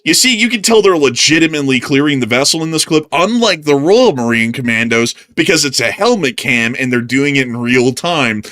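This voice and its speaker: A man's voice: mid-range voice, a bit bright. A man hosting a casual live news talk show, laid-back and full of fillers. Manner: laid-back, laughs often, says "like" and "uh".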